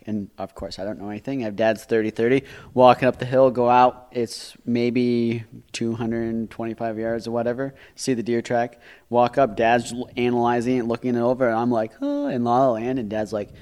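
A man's voice: mid-range voice, darkish tone. A man in a casual chat, telling his own story in an easygoing way.

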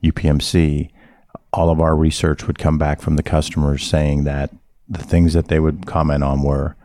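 Deep-voiced man hosting a podcast. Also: little pitch movement, normal speed, mellow, no room sound, studio quality. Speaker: podcast host. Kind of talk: interview podcast.

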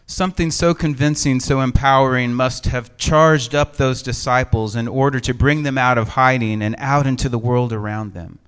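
Man preaching a measured, reflective sermon. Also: medium pitch, fairly even intonation, clean tone. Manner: measured, reflective storytelling with gentle humor. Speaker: pastor. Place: empty church sanctuary.

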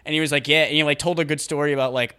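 A man's voice: a little high, steady tone, very fast, sharp tone, clean tone. A young man with a New Hampshire accent co-hosting a podcast, rambling in casual chat with lots of fillers and laughter. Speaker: podcast co-host.

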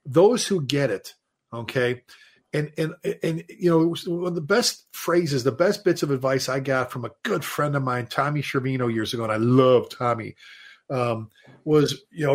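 A man, a fire chief guest on a show, telling stories in an animated, casual way with many restarts and repeated words. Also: medium pitch, normal speed. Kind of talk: casual storytelling.

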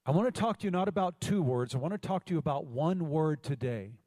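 A man's voice: a little high, animated, fast, darkish tone. A man preaching a sermon as pastor, telling a story and calling out to the congregation for responses. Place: large church hall. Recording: long hall reverb.

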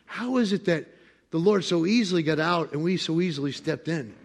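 A man preaching a sermon as pastor, animated and playful, acting out voices with bursts of laughter. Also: a little high, brisk. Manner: animated, acts out God's voice with laughter.

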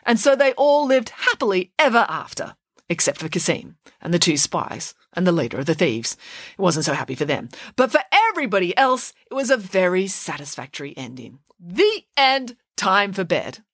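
A woman storyteller giving an expressive, animated bedtime story narration. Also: fairly low pitch, normal speed, no echo, clean studio sound.

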